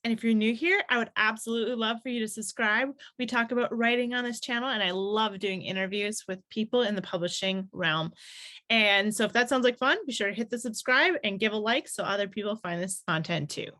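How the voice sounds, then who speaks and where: A woman's voice: a little high, a little fast, pushed and bright. A woman hosting an interview, talking eagerly and full of enthusiasm, with lots of "like". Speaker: host. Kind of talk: casual interview chat.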